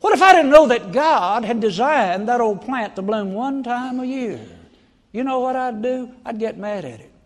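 A man preaching a sermon in a folksy storytelling way, often breaking into loud acted-out quotes. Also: very high-pitched, animated, normal speed. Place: church sanctuary. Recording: long church-hall reverb.

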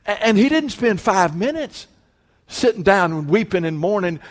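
Man, pastor, fervent sermon, fairly high voice, long hall echo. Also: sing-song, moderate pace. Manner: fervent preaching that swells to near-shouting when reading scripture. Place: church sanctuary.

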